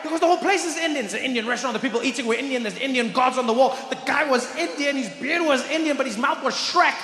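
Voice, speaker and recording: A man performing a stand-up comedy set, telling his story in an animated way on a live stage. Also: extremely high pitch, fast. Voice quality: animated storytelling, swings between voices. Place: large live comedy venue. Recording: roomy hall, live crowd noise.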